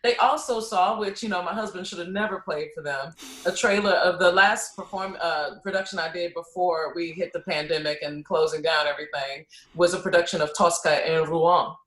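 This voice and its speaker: A woman's voice: on the low side, a little fast. Woman opera singer in a roomy echo. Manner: animated storytelling, frequent "you know". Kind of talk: casual conversation.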